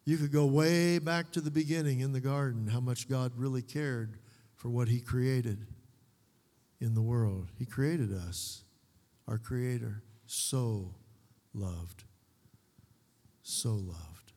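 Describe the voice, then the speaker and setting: A man preaching a sermon as pastor, folksy, with joking asides and slow, emphatic repetition of key words. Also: medium pitch, steady tone, mellow. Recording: long hall reverb.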